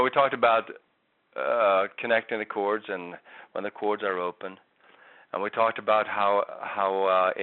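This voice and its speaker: A man's voice: lowish voice, no echo. A man giving a singing lesson, patiently explaining vocal technique with frequent restarts. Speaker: singing teacher. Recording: tinny phone-like audio.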